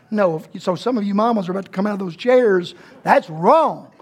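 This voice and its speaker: Animated storytelling pastor in his fifties. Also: normal speed, hardly any pauses. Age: 50s. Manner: animated storytelling, wide swings in pitch and loudness. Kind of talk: sermon. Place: church.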